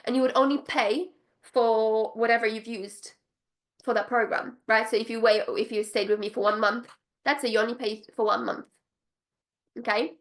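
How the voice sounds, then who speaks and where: A woman with a slightly high voice speaks at normal speed, pitching to her viewers as a business coach for spiritual entrepreneurs. She's enthusiastic and forceful, repeats herself to make points stick, and erupts in excited laughter.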